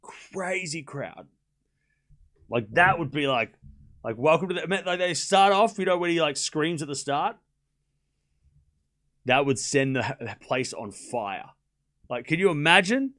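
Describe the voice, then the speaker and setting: Brief: young male streamer, slightly higher voice, loose rambling chat full of fillers, excitable and scornful of commenters. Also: unhurried, long pauses. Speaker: tennis watchalong streamer. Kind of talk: casual live-stream chat.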